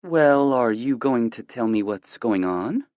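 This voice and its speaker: A man's voice: mid-range voice, expressive, measured pace, darkish tone, dry recording, muffled recording, voice pushed up, close to an everyday voice. A man reading an audiobook, voicing an anxious, caring middle-aged mother on the phone who asks question after question. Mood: worried, curious.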